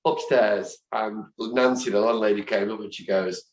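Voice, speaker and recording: A middle-aged man tells his stories in a lively, chatty way. His voice sits on the low side. The room gives the recording a noticeable echo. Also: normal speed. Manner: lively, chatty, animated anecdotes. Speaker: guest, football fan and chant songwriter. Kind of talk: anecdotal storytelling in conversation. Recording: roomy echo.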